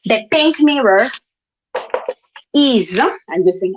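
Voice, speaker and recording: Slow, patient woman teaching English online. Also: fairly high pitch, lively intonation, noisy background. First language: Spanish. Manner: slow, patient, coaxing, with drawn-out words. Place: home room on an online video class. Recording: dull lo-fi video call audio.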